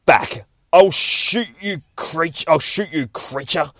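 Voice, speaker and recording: Guy playing an arrogant mad scientist, loud and ranting, voice pushed up high. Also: slow, dry recording, clean studio sound. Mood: threatening. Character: tired, arrogant male mad scientist with a shotgun.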